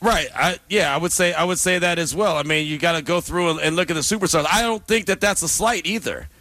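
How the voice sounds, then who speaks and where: Animated high-voiced sports radio host. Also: male voice, fast talker, no room sound. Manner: animated, does a preacher-style retelling. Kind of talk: casual sports talk.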